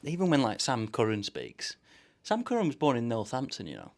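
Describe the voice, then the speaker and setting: A man from Scotland co-hosting a comic cricket chat, joking with dry, deadpan irony. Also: mid-range voice, fairly quick. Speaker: cricket podcast co-host.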